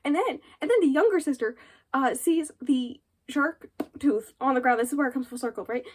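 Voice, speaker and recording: A woman with a notably high voice gives a casual book review vlog. She retells the story in a loose, rambling flow, animated and full of fillers. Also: moderate pace.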